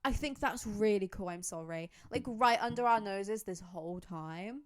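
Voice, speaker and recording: A woman's voice: medium pitch, moderate pace. A young woman chatting casually to camera as a YouTuber, rambling enthusiastically with lots of fillers. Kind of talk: casual fan commentary.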